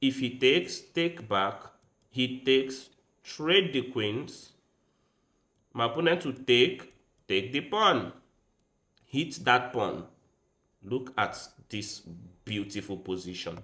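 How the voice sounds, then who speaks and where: A man's voice: medium pitch, pushed and bright. A man streaming chess live, chatting casually with his audience and thinking aloud as he tries out foreign words.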